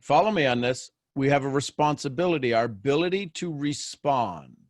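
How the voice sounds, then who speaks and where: A man's voice: medium pitch, animated, moderate pace, no room sound, studio quality. A man hosting a daily motivational show, talking live to listeners. He keeps asking them questions and repeats phrases as he builds each point.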